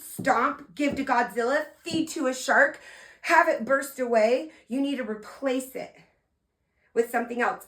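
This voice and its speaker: A woman host giving an energetic, heartfelt motivational talk, playful and upbeat with excited asides. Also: high-pitched, poor audio.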